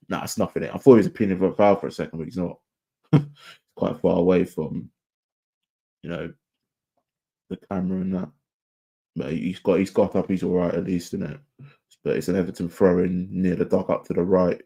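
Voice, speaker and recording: Young fan for a watchalong, low mellow voice, casual slangy play-by-play, shouts at players. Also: male voice, creaky, breathy edge. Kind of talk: live match watchalong commentary.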